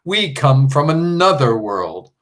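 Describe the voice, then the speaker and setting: A man's voice: mid-range voice, sing-song, takes it slowly, a bit bright. Angry little schoolgirl, snappy and indignant, man reading.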